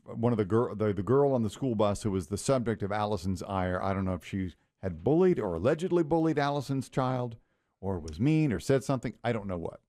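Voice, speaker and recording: A male radio co-host telling a news story in a casual morning-show chat with animated delivery. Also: on the low side, brisk, no echo, clean studio sound.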